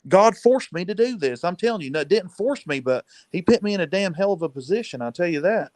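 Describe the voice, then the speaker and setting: A man's voice: sits high, animated, brisk, darkish tone, no room sound. A man with a slightly raised voice pours out an agitated, profane rant. He keeps repeating "dude" as the story spills out, and the recording is close and dry with no room sound. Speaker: caller venting on a panel show. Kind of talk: emotional rant, casual talk.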